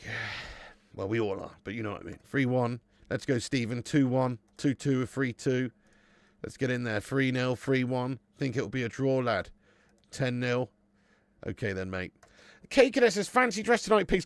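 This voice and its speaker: Swearing, joking football stream host. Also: male voice, on the high side, dry recording. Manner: banter-heavy, swears and laughs, reads chat aloud. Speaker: livestream host. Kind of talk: casual football watch-along chat.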